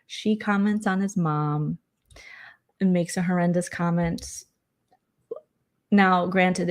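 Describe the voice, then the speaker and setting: A woman's voice: lowish voice, creaky. A woman hosting a casual late-night chat vlog, telling stories with exasperated sarcasm and mocking voices. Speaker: vlogger host.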